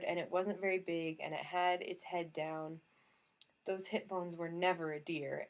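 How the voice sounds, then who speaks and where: A gruff, blunt old soldier, voiced by a woman reader, who chides and grumbles in a broad, thick brogue. His voice sits fairly low and keeps a scolding, no-nonsense edge. The sound is a clean audiobook narration. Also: darkish tone. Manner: thick regional brogue, laid on heavily.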